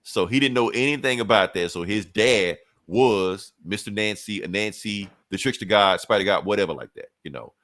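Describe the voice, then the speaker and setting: A man hosting a podcast, chatting casually about comics in an animated, profane way with frequent laughs. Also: on the low side, moderate pace, hardly any pauses. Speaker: podcast host.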